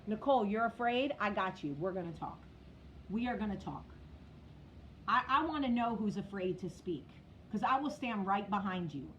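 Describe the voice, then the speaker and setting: A woman's voice: mid-range voice, lively intonation, moderate pace, slight background noise, rough recording. A middle-aged woman with a New Jersey accent hosting a casual live stream, blunt and profane, talking straight to commenters by name. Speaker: vlog host.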